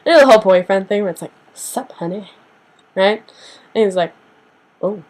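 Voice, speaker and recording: A young woman ranting casually to the camera in a sassy, animated way, acting out what people say with big jumps in pitch. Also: quick pace, rough recording. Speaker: vlogger.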